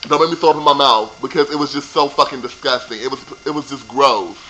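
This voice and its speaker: In a low-quality recording with slight background noise, a young man speaks fast in a medium pitch, sounding pushed and bright. The vlogger delivers a sassy, profane, casual rant about a reality show reunion.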